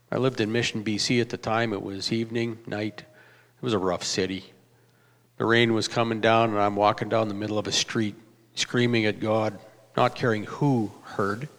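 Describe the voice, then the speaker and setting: Male pastor in an echoing hall. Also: on the low side. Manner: halting, reflective storytelling with restarts. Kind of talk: personal testimony sermon. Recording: reverberant hall.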